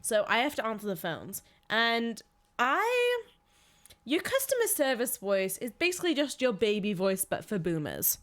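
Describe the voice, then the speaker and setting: Animated young woman with an accent, slightly high voice, telling work stories on a podcast. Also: normal speed. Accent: non-local accent. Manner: animated, jumps into high voices when quoting. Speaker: podcast co-host. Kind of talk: casual chat and storytelling.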